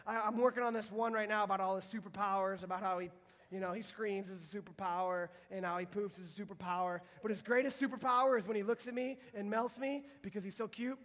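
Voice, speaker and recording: High-voiced young pastor in a reverberant hall. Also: male voice, fairly even intonation, fast talker, a bit bright. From United States. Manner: casual, earnest, frequent restarts. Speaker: youth pastor. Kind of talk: sermon to teenagers.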